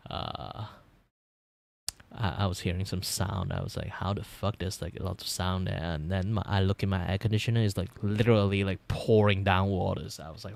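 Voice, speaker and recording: A young man with a Malaysian English accent talks in a fairly low voice, recorded close and dry with no room sound. He rambles through loose, casual stream chatter while he draws, swearing freely and breaking into laughter often. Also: fairly even intonation, normal speed, vocal fry, no room sound. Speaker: vtuber streamer. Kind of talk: casual livestream chat while drawing.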